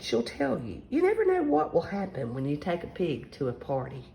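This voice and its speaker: A woman reading a children's picture book aloud as a storyteller, animated, acting out the characters' shrieks and shouts. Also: fairly low pitch, normal speed, vocal fry, low-quality recording.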